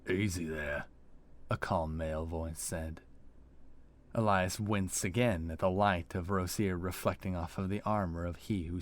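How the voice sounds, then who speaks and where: A man reads a fantasy tale aloud as narrator. His voice is very low and deep, and he tells it in a slow, descriptive storytelling manner.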